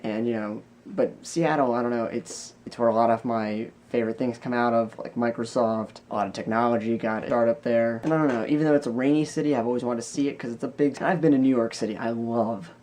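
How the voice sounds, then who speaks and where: A young man chatting on his vlog in a loose, rambling way, often starting over mid-thought. His voice sits at a middle pitch. A faint hiss runs underneath. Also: fairly even intonation, fast talker, hardly any pauses, darkish tone. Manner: rambling, loose, many restarts. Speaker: vlogger. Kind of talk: casual vlog chat.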